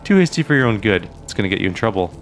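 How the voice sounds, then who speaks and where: A man's voice: fairly low pitch, very animated, racing, faint music behind. A man voicing a weary, cautious old mongrel chief from a fantasy game, reading his lines in a stern, lecturing way.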